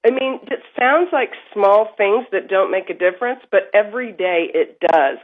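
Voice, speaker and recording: A woman's voice: medium pitch, expressive, normal speed. A woman parenting guest giving emphatic, upbeat advice as a remote guest on a morning TV show. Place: Dallas. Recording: lo-fi remote line.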